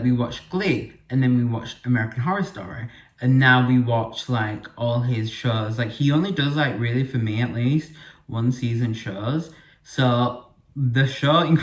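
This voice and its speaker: A young man from the UK rambles through a casual solo podcast, chatty and full of fillers and quick self-corrections. His voice sits at an ordinary middle pitch. The living room around him gives the sound a noticeable echo. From United Kingdom. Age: young adult. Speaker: podcast host. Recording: echoey room.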